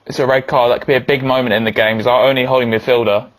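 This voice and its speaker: A young man giving excitable commentary over a football video game, yelling when goals go in. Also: medium pitch, racing. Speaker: gaming YouTuber.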